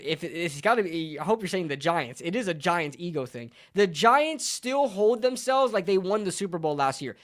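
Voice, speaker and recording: A man's voice: sits high, fairly bright tone. A man hosting a sports channel, passionately arguing an opinion and repeating points for emphasis. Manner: passionate, repetitive, argumentative.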